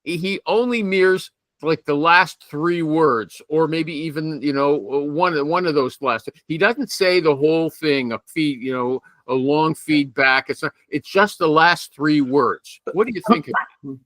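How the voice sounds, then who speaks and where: A male podcast host with a bright, slightly higher voice, recorded close and dry. He questions his guest in a probing, interrupting way, steering the chat. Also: measured pace, no room sound.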